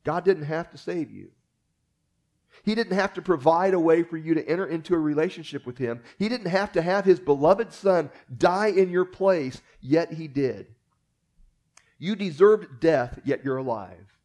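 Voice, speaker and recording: Man, pastor, casual joking sermon delivery, slightly higher voice, easy pace. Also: normal speed, darkish tone. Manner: conversational preaching with jokes and frequent fillers.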